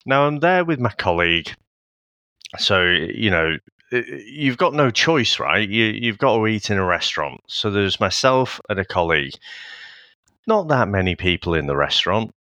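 A man's voice: lowish voice, very animated, moderate pace, sharp tone, dry recording. A man in casual podcast chat, meandering and laughing as he talks. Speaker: podcast co-host.

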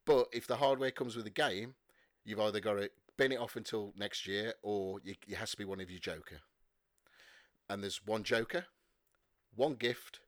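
A man hosting a casual podcast, explaining rules briskly with fillers and jokes. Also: lowish voice, a bit bright, no room sound, clean studio sound. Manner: jokey, brisk rule-explaining with frequent fillers. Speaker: podcast host.

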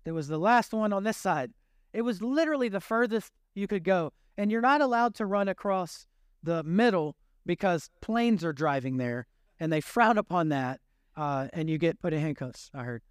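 A man's voice: high voice, moderate pace, smooth, no echo, studio quality. A man preaching a sermon in a humorous, self-deprecating storytelling way, acting out conversations. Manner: animated, shifting pace.

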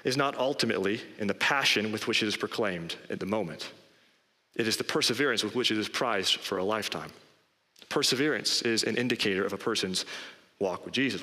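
Bright-voiced man preaching in a reverberant hall. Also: fairly low pitch. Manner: emphatic, rising on key phrases. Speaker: pastor. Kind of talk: sermon. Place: church sanctuary.

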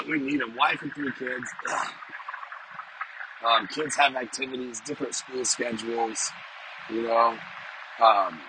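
The audio is poor, with steady background noise, as a middle-aged man of medium pitch gives a casual monologue to camera. A vlogger and sales professional, he rambles, repeats himself, and keeps checking in with "you know?".

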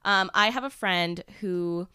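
A woman's voice: lowish voice, unhurried, pushed and bright, clean tone, no echo, studio quality. A young woman co-hosting a podcast, chatting casually and laughing often while laying out listener dilemmas. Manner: giggly, chatty, reads listener scenarios. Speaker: podcast co-host. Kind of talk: casual chat.

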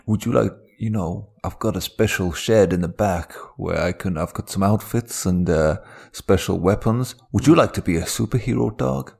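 A man's voice: lowish voice, moderate pace, gravelly, few pauses, darkish tone, slightly rough. A man playing a kindly, chatty barber with a fatherly manner in an improvised comedy scene. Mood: encouraging. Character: kindly encouraging male barber, middle-aged.

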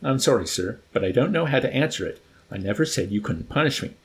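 Man doing a frightened young cadet, meek, polite, gravelly voice, storybook reading. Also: mid-range voice, expressive, fast talker, natural voice.

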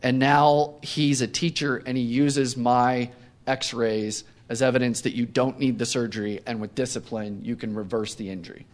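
A man as an interview guest, telling a self-mocking personal story in casual conversation with lively delivery. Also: mid-range voice, moderate pace. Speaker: company co-founder, interview guest.

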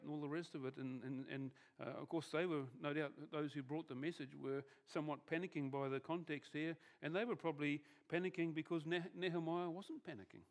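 A man preaching a conversational sermon as pastor, often restarting phrases and trailing off softer at the end of thoughts. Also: on the high side, fairly even intonation, brisk, hardly any pauses.

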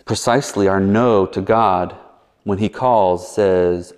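A man's voice: deep voice, takes it slowly, a little mellow. A man preaching a sermon as a pastor, chatty and verbose, full of asides and jokes. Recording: long reverb in a large hall.

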